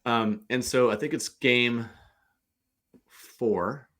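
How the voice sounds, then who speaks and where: A man from the St. Louis area, a podcast guest, telling stories in an animated, rambling way with lots of restarts. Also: mid-range voice, very slow. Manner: animated, digressive storyteller. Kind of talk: casual chat.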